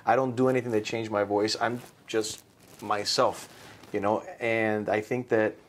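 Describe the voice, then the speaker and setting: A man who works as a radio host, a guest in a casual interview, speaking in a relaxed, reflective way. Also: lowish voice, a little slow, slight background noise.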